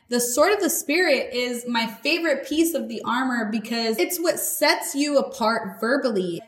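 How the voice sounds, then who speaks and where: A woman's voice: a little high, fairly bright tone. A woman hosting a podcast, giving a casual, earnest faith talk in a conversational, slangy way. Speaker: podcast host. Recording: echoey room.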